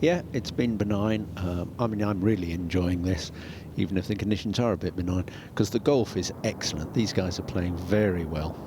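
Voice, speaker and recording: Male co-commentator, low voice, easygoing analysis, noisy feed. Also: normal speed, hardly any pauses. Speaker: golf co-commentator. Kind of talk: broadcast sports commentary.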